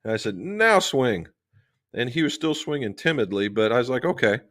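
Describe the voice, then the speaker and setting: A man hosts a relaxed golf talk stream and chats with viewers. His voice sits at an ordinary middle pitch, and his delivery is folksy and unhurried. He drifts into long shop stories, with the loose rhythm of someone used to talking while he works. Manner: folksy storyteller, talks with his hands, relaxed and chatty. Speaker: golf club fitter and livestream host. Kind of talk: casual livestream chat answering viewers.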